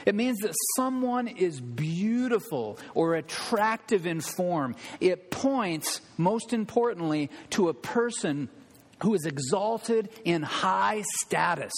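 A male pastor preaching a sermon, conversational and animated, sometimes dropping to quiet emphasis. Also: high-pitched, slow pace. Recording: long reverb of a church hall.

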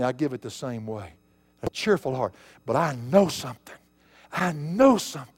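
A man preaching as pastor in a church, folksy and emphatic, building to fervent peaks. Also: a little high. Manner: emphatic, folksy preaching with rising bursts of intensity. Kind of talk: sermon. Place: church sanctuary.

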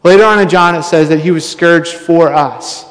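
A man's voice: on the high side, moderate pace. A man preaching a conversational sermon, telling stories with plenty of casual fillers. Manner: casual, storytelling, many fillers. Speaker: pastor. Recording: long hall reverb.

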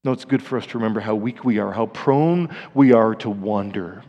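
A pastor preaching a sermon, his voice dropping to grave, hushed lows and then climbing to emphatic, rising peaks. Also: a little fast, big-room sound, muffled recording.

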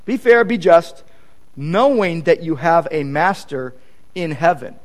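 A man's voice: a little high, unhurried. A male pastor preaching a sermon, repeating key points for emphasis and acting out quoted conversations. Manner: animated, acts out quoted conversations; emphatic repetition.

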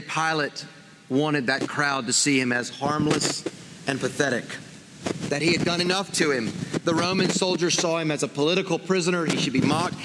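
A man's voice: fairly high pitch, background noise. A man preaching a sermon as pastor, earnest and full of rhetorical questions. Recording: long hall reverb.

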